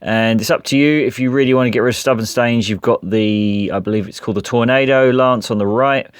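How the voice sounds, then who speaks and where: A man's voice: mid-range voice, fairly quick, clear, resonant tone, no echo, clean studio sound. A man explaining a decorating job in a practical, plain-spoken DIY tutorial.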